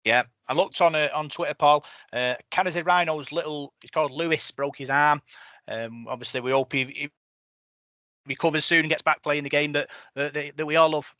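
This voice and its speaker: A man hosting a casual podcast, telling his stories in a chatty, animated way. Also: on the high side, fairly quick, no room sound, muffled recording. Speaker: podcast host. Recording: dry close mic.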